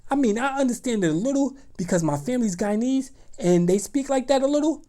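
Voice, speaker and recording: A young adult woman telling a storytime vlog in an animated, slangy, dramatic way. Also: on the high side, brisk. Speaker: vlogger.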